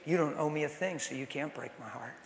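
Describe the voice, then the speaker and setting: A middle-aged man preaching at a conference, telling a story in a conversational way that swings from hushed to loud. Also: a little high, quick pace, vocal fry. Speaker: conference speaker. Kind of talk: storytelling sermon. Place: large conference hall. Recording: echoey hall with long reverb.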